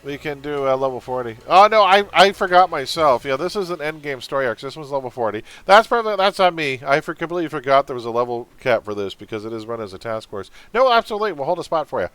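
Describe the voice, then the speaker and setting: A man's voice: on the high side, animated, quick pace, few pauses, fairly bright tone, smooth, no echo. A man streaming a superhero game, chatting casually and bluntly with his viewers and teammates while he plays. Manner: chatty, blunt, venting with laughs. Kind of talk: casual gaming livestream chat.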